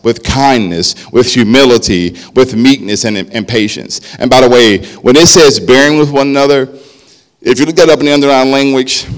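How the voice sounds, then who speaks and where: A man preaching a sermon as a pastor, talking conversationally and often checking in with "right?", dropping softer when he talks about himself. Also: medium pitch.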